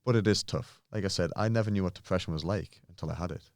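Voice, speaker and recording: With a low, slightly mellow voice and vocal fry, this English podcast guest talks fast. A pro bodybuilder, he earnestly and casually recounts personal stories, mimicking people's voices, captured in a dry, studio-quality recording.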